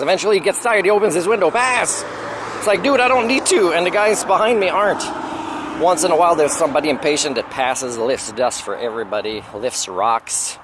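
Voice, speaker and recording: A man's voice: medium pitch, a little hiss or hum. A man with a French accent talking in a rambling, opinionated roadside monologue, chuckling as he goes. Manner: opinionated, digressive, chuckles often. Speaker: vlogger. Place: outdoors by a road, on a motorcycle trip.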